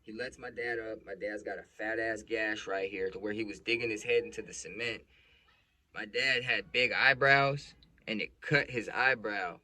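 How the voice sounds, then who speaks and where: A man's voice: fairly low pitch, fairly even intonation, moderate pace, sharp tone. A young man casually telling a personal story, blunt and profane, with plenty of emotion.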